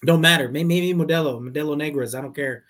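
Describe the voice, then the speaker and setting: A man co-hosting a podcast in relaxed casual chat, swearing and laughing often. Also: on the high side, fast talker. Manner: laid-back, swears freely, laughs. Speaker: podcast co-host.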